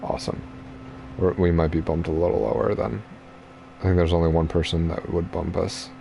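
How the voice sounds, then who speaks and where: A man's voice: low-pitched, a little fast, vocal fry, slight background noise. A young man giving casual, chatty commentary while streaming a racing game. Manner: relaxed, chatty, explaining racing strategy.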